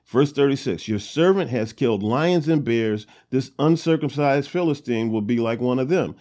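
A man with a medium-pitched, slightly mellow voice speaks at a moderate pace. He's leading a Bible study, reading scripture aloud and retelling it in a relaxed, conversational style full of fillers.

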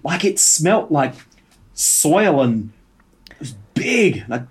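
A man co-hosting a casual podcast chat, telling a rambling anecdote with halting restarts. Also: a little high, very animated. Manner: rambling storyteller, halting restarts, bursts of laughter. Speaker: podcast co-host.

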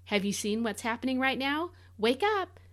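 A woman's voice: sits high, lively intonation, moderate pace, pitched above the performer's own voice. A woman voicing an imagined skeptic who mocks faith in an incredulous, taunting tone. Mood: scoffing. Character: scoffing skeptical modern person, mocking.

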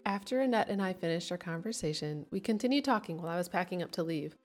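A woman's voice: lowish voice, animated, quick pace, soft background music. A woman podcast host closing an interview and narrating the outro, grateful in her thanks. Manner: warm, grateful sign-off.

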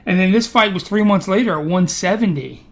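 A man in casual sports chat, animated and opinionated, joking as he argues his points. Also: high-pitched, fairly quick. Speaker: podcast co-host.

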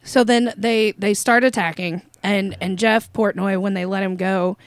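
A woman's voice: medium pitch, steady tone, measured pace, clear, resonant tone, no room sound. Podcast co-host, female, loose and profane, laughs while recapping, dry close-mic sound. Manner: casual and profane, laughs, acts out quotes. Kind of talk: casual movie recap chat.

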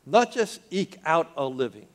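A male preacher delivering a sermon, his voice sitting a little higher than most men's. He calls out to the congregation with repeated questions and sinks into hushed, earnest tones while storytelling. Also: very animated, moderate pace. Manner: call-and-response with the congregation, dropping to quiet intensity.

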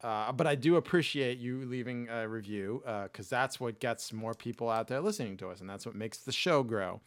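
A man's voice: mid-range voice, moderate pace. A man hosting a podcast in casual chat, rambling and poking fun at himself. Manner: rambling, self-mocking, bursts into loud voices. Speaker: podcast host.

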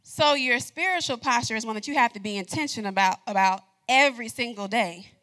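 A woman's voice: fairly high pitch, fairly quick, a bit bright. A woman preaching a sermon, talking straight to the congregation and laughing often as she tells a personal story.

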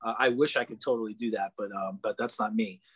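A man being interviewed as an actor on a casual podcast, talking loosely with lots of fillers and quick laughs. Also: fairly low pitch, steady tone, a bit bright, breathy edge, no room sound. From Boston area. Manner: chatty, laughs easily, trails off with fillers. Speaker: guest actor.

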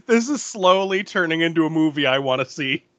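A man's voice: on the high side, slight background noise. A man co-hosting a podcast, recapping a film scene by scene in casual chat and laughing often. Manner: laughs often, lively storytelling with restarts.

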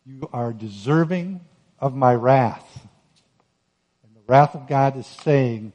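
A man preaching a sermon on Scripture, earnest and emphatic, rising to forceful peaks. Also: mid-range voice, takes it slowly, long pauses. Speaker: pastor.

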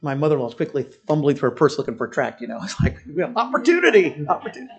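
A man preaching a sermon with passion, swinging from loud declarations to quiet, wry storytelling. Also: medium pitch, steady tone, rapid-fire, gravelly. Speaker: pastor.

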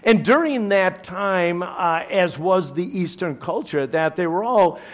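Man, pastor, sermon; slightly high, very lively pitch, unhurried, swings from loud to hushed. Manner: animated storytelling with big swings between loud and hushed.

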